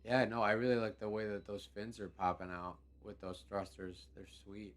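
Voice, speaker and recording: A man hosting a live game show stream, talking casually in a relaxed, rambling way with many fillers. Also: fairly low pitch, moderate pace.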